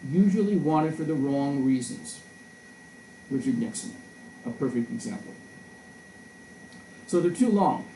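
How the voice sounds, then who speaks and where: A man lectures as a professor, telling stories and circling back to restart his sentences. His voice is mellow and dark. It sounds roomy and set back from the mic, with a faint hiss underneath. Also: a little high, distant mic. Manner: discursive, storytelling, frequent restarts. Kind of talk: conversational lecture. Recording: roomy echo, voice a bit off-mic.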